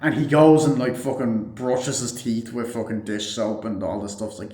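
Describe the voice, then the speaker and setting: A man's voice: medium pitch, moderate pace, darkish tone. A man giving a casual, rambling movie review full of fillers and swearing. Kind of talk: casual spoken film review. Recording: echoey room.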